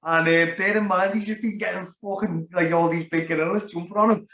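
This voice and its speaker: Heard through dull, roomy, lo-fi audio, a high-pitched Liverpudlian man tells a story a little fast, in fairly even intonation and a fairly bright tone. It's a casual chat where he rambles, swears a lot, and keeps saying "like."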